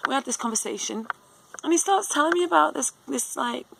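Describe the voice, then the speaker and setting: A woman's voice: sits high, lively intonation, fairly quick, gravelly, fairly bright tone, a little hiss or hum, poor audio. A woman in her thirties telling a long story in a rambling, casual way, full of fillers and restarts. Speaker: vlogger.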